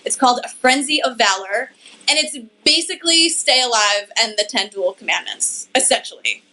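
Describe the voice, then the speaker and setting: A woman's voice: a little high, animated, moderate pace, sharp tone, rough recording. A woman co-hosting a podcast, telling a story in friendly, chatty conversation. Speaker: podcast co-host. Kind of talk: casual chat.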